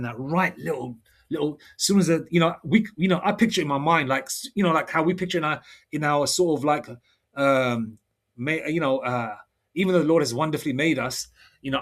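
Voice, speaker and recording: A man giving an informal scripture teaching in a rambling, conversational way. He reads verses slowly and deliberately. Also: fairly high pitch. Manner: rambling and conversational, full of fillers. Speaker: religious teacher.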